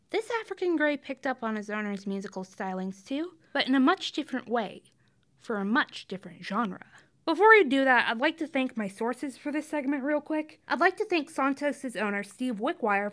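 A young woman hosts her podcast in a chatty, tangent-prone way and drops wry asides as she goes. Her voice sits a little high and swoops up and down with lively expression. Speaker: podcast host. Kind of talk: casual scripted podcast monologue.

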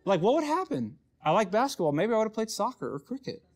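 A man's voice: high-pitched, lively intonation, brisk, voice pushed up. A man voicing a daydreaming imagined Brit in a put-on British accent, rambling between idle thoughts. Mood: wistful musing.

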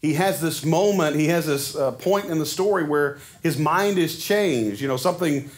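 A man's voice: a little high, moderate pace. A man preaching a sermon in a conversational way, often putting rhetorical questions to his congregation. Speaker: pastor.

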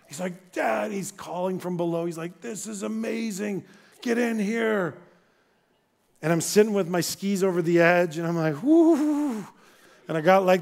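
A middle-aged man preaching a sermon, telling a story with lively acted-out dialogue and frequent restarts. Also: high voice. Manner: animated, acts out dialogue, many restarts. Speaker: pastor.

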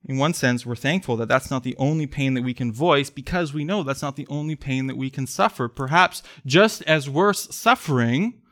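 A man preaching a sermon in church, earnest, swelling to emphatic pleas and then sinking soft. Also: medium pitch, normal speed. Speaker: pastor.

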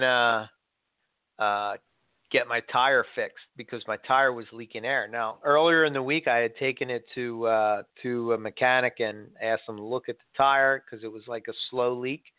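A man's voice: medium pitch, unhurried, smooth, dry recording. A man chatting casually, telling a long story with lots of fillers and restarts. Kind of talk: casual chat. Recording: dry, tinny phone-like sound.

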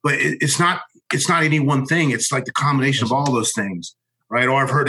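A former Marine officer telling a personal story in a candid, halting way, restarting sentences and swearing bluntly. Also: male voice, medium pitch, sharp tone, rough recording.

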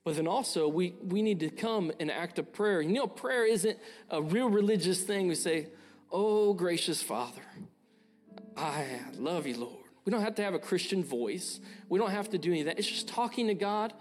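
A man's voice: sits high, brisk, hardly any pauses, faint music behind. A young man preaching a sermon, earnest and urging, often repeating his phrases. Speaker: pastor.

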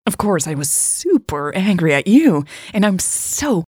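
A woman reading a story voices a warm adult woman who teases gently. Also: on the low side, very animated, measured pace, breathy edge, dry recording, clean studio sound, pitched above the performer's own voice, full character voice. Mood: teasing. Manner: gentle, teasing.

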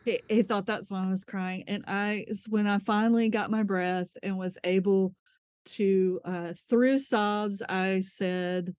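Her voice sits at medium pitch with a darkish tone, fairly even intonation and a measured pace. As an interview guest she tells her story candidly, laughing easily and trailing off to restart thoughts. There's no echo; the recording is dry and close.

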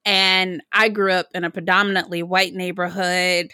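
A woman's voice: lowish voice, level tone, normal speed, bright, forceful tone, no echo, clean studio sound. A woman from Michigan hosting a podcast interview, chatting casually and drawing on her own stories. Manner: upbeat, reflective, draws on personal stories. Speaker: podcast host.

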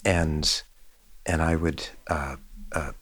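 A man's voice: a bass voice, steady tone, slow, fairly bright tone, husky. A Canadian man, an Anglican rector, talking casually and thoughtfully on a podcast, often restarting phrases and quoting past conversations.

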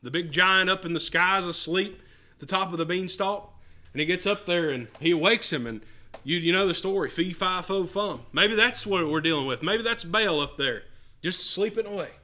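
Bright-voiced earnest male preacher. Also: high-pitched, moderate pace. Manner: earnest, repeats and restarts words, reads verses aloud. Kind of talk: sermon with scripture reading.

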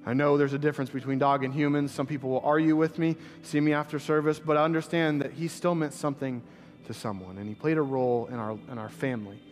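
A pastor in his thirties preaching a sermon, earnest, his voice climbing into emphatic, repeated lines and dropping low and quiet to tell a personal story. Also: little pitch movement, fast talker.

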